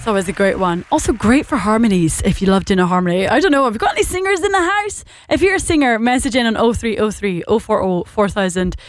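A woman's voice: mid-range voice, lively intonation, quick pace, few pauses, dry recording. A woman with a Scottish accent and a Northern Irish lilt, presenting Christian radio in a bubbly, chatty way between songs, laughing easily. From Scotland.

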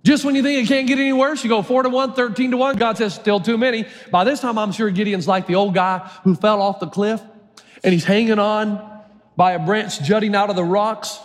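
A man's voice: high voice, fairly even intonation, fairly quick, big-room sound. A male pastor preaching a sermon, telling the story with acted voices and emphatic repetition.

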